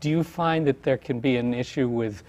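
A man hosting a community TV interview as a theater company president, hesitant with frequent pauses and fillers. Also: mid-range voice, a little mellow. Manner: hesitant, many uhs.

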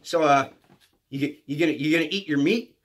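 A man's voice: fairly high pitch, normal speed, voice pushed down, natural voice. A comedian voicing a cheerful, hungry male cellmate who talks in an easygoing, hesitant way.

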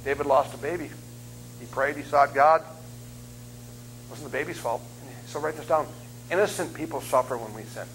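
Preaching as a guest in a church sanctuary, a middle-aged man jokes, gets animated, and acts out voices and screams. His medium-pitched voice moves at normal speed with long pauses, and background noise is audible.

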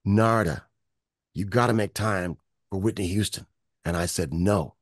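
A man's voice: low-pitched, normal speed, no echo, studio quality. A man from Michigan, a music producer and guest, telling stories in an interview and acting out the voices of people he quotes. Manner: animated storyteller acting out quotes. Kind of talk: storytelling interview.

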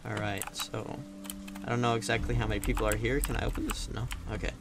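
Gravelly guy narrating his gameplay. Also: medium pitch, level tone, quick pace. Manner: chatty, wisecracking, swears when things go wrong. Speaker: gaming YouTuber. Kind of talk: casual let's-play commentary. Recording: noticeable background noise.

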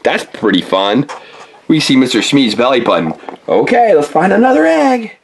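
Brief: woman unboxing toys, very deep voice, lively sing-song delivery, playful pirate talk with a kid. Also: moderate pace. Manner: playful, talks to a child helper, throws in pirate growls. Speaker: toy unboxing host. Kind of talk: playful toy unboxing for kids.

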